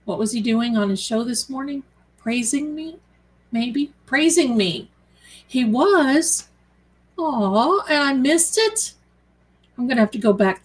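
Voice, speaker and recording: A woman's voice: mid-range voice, rough recording. A woman hosting a tarot live stream, chatting casually and affectionately with viewers she calls her darlings. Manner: chatty and rambling, reads out viewer comments.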